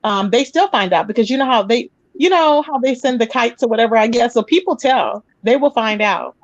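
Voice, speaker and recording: Animated woman telling a story. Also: brisk, dry recording. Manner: animated, shifts high to mimic other people. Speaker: podcast co-host telling a jail story. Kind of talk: casual chat, storytelling. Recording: slightly dull lo-fi sound.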